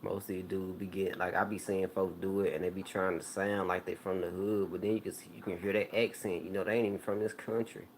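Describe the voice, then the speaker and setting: A man with a very low voice hosts his own video channel and chats straight to his viewers. He rambles loosely through stories, full of slang and restarts. A faint hiss of noise sits under the recording. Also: little pitch movement, quick pace, hardly any pauses. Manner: laid-back, rambling storytelling with slang. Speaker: YouTube channel host. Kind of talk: casual talk to viewers.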